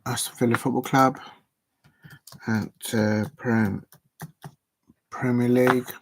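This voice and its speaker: A man's voice: mid-range voice, flat delivery, slow pace, slight background noise. A man hosting a football watch-along stream, chatting casually and muttering to himself as he types. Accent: South London English. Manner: rambling, muttering to himself while typing. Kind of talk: casual live-stream chat.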